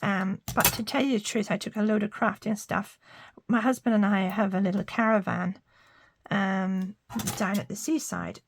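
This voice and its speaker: A woman's voice: medium pitch, fairly even intonation, normal speed, slight background noise. An older woman chatting through a card-making tutorial, talking to her viewers and murmuring little asides as she works. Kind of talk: casual craft tutorial.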